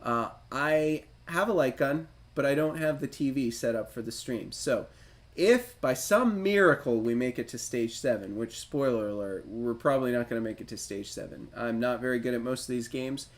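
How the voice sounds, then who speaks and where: A man hosting a retro gaming livestream reads a game manual aloud and then riffs on the instructions in a chatty, self-deprecating way. His voice is mid-range and he talks at a normal speed.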